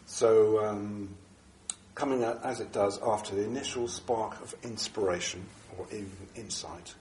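A man with a congested, bunged-up voice from a cold, giving a Buddhist dharma talk to a group in a halting way with many fillers and restarts. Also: fairly low pitch, steady tone, darkish tone, slight background noise. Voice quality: bunged up, nasal. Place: echoey room with a small audience. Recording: echoey room recording.

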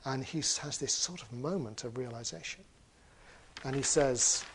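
Relaxed guy telling a dharma story, lots of uh's, mid pitch, faint hiss behind. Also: moderate pace. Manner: relaxed, many "uh" fillers, chuckling. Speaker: Buddhist teacher.

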